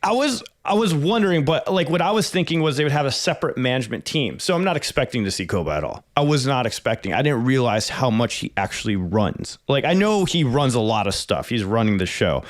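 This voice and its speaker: A man, a podcast co-host, telling a story in casual chat, animated and swearing, his voice climbing as he gets excited. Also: medium pitch, a little fast, hardly any pauses, no echo, studio quality. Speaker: podcast co-host, sound engineer.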